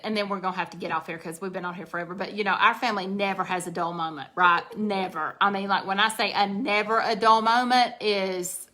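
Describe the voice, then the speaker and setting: A woman, telling family stories in a chatty, animated way. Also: mid-range voice, fairly quick, hardly any pauses. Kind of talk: casual family storytelling.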